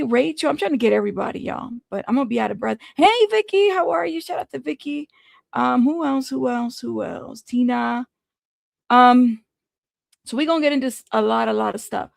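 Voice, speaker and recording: A woman in her thirties hosting a live-stream news commentary show, chatting casually and greeting viewers by name in quick bursts. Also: high voice, vocal fry, dry recording, studio quality. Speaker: livestream news commentary host.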